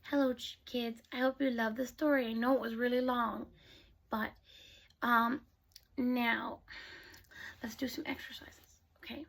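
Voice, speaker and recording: A woman telling bedtime stories to children in a soft voice that often drops to a whisper. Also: on the high side, level tone, a little slow, creaky. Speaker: storyteller. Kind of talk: bedtime storytelling.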